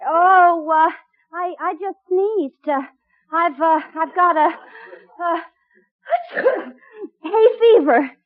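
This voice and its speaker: An actress playing a quick-witted young wife covering for her husband with breathless fibs. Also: very high voice, no room sound. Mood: flustered. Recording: tinny old radio broadcast, dry.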